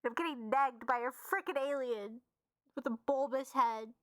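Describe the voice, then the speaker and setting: Bright, high-voiced sarcastic woman streamer. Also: moderate pace, no echo, clean studio sound. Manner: sarcastic, exasperated outbursts, swears. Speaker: streamer playing a visual novel. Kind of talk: reading game text aloud and reacting.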